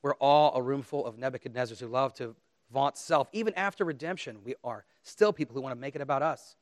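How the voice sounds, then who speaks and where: A man's voice: medium pitch, fast talker, no echo, clean studio sound. A man preaching a sermon, earnest and emphatic, reading scripture aloud with dramatic emphasis. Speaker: pastor.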